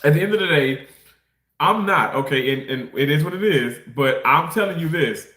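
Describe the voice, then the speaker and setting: A man's voice: a little high, lively intonation, normal speed, sharp tone, reverberant. Rambling man on a livestream. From Mississippi. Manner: rambling, laughs often, reads out chat comments. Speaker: livestream host reading chat. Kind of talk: casual livestream chat.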